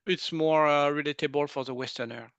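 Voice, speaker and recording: A man with a French accent, a guest in an interview, talking in an animated, casual way and often laughing. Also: fairly high pitch, a little fast, creaky, smooth, no room sound, dull audio. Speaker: guest, medical intuitive.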